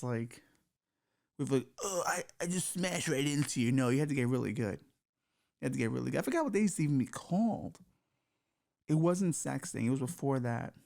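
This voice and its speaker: A man's voice: medium pitch, gravelly, dark tone. A middle-aged man hosting a podcast, delivering a crude, rambling, self-mocking comedic monologue. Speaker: podcast host.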